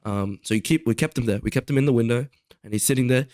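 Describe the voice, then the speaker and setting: Talking fast in a mid-range voice with a dark tone, a young podcast co-host keeps things casual, rambling and restarting with plenty of filler words. The recording is dry, with minimal room echo.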